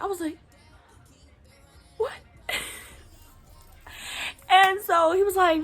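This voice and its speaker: A young woman in her late teens telling a personal story in a casual vlog, chatty and animated, full of "like" and quoted dialogue. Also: very high-pitched, slow, long pauses, soft background music. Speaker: vlogger.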